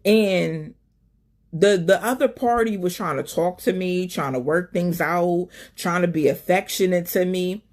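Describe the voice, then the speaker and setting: Sassy lady hosting a live call-in chat, says honey and baby a lot, gets loud then quiet. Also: fairly low pitch, a little slow. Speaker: live show host. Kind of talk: casual live-stream chat with callers.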